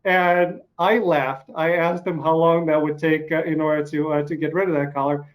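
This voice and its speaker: A man from eastern Ukraine speaks with a slight Russian accent and a fairly high voice. He tells stories in an easy, relaxed way, with little chuckles along the way. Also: moderate pace. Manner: relaxed storyteller, chuckling asides. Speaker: podcast host. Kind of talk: casual interview chat.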